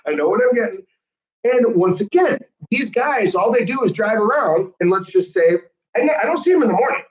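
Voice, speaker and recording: A man hosting a casual chat, animated and laughing often. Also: high-pitched, fairly quick. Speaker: host. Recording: roomy, dull lo-fi sound.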